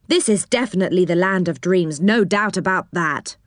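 A woman's voice: on the low side, lively intonation, normal speed, no room sound, clean studio sound, close to an everyday voice. A woman voicing Joe, an earnest boy who takes charge, in a storybook reading. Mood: grumbling. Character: bossy eager boy Joe.

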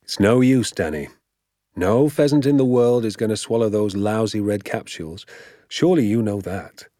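A plotting, excitable father talks low and close, full of schemes, as a man reads him aloud. His lowish voice sits in a dry, close sound with no room around it. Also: normal speed, no echo, lightly acted. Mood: plain. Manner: conspiratorial, hushed then fervent. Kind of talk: audiobook character voice.

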